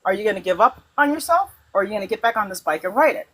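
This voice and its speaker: A firm father pressing a fallen child with coaxing questions, as a woman retells him in her own husky voice. He sounds patient but insistent. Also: high-pitched, expressive, very fast, pushed and bright, voice pushed up, exaggerated voice. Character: encouraging father teaching a child to ride.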